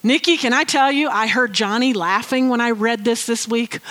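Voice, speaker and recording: A woman with a high voice gives an informal Bible teaching. She tells the story in an animated, chatty way and laughs often. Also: moderate pace, few pauses.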